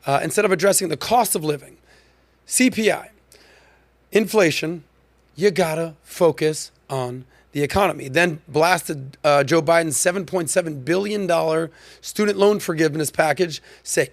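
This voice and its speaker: A man hosts a podcast and delivers a commentary monologue in a punchy, emphatic, conversational way. His speaking voice sits a little high. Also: normal speed. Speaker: podcast host.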